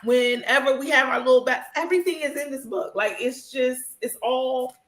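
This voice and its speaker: A woman talking on a podcast with a bright, forceful voice that sits a little high. She is emotional and expressive, swears freely, and slips into animated voices when she quotes people. The sound is echoey and roomy. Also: normal speed. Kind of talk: casual podcast chat.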